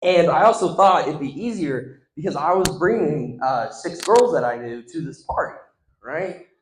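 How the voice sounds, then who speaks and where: A young man doing stand-up, telling an animated story and acting out the other people in it. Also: on the high side, moderate pace, a little hiss or hum. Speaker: stand-up comedian. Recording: echoey room.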